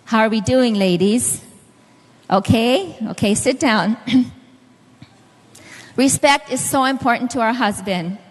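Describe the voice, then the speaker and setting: A woman's voice: on the high side, takes it slowly, long pauses, long reverb tail. A middle-aged woman preaching a sermon, telling stories and speaking directly to the congregation. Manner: storytelling, directly addressing the audience.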